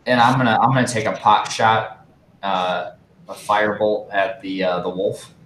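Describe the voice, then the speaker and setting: A man with a lowish voice takes his turn in a tabletop game, hesitant and casual. The sound carries an echoey room and a faint hiss behind it. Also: fairly even intonation, normal speed, fairly bright tone. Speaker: player.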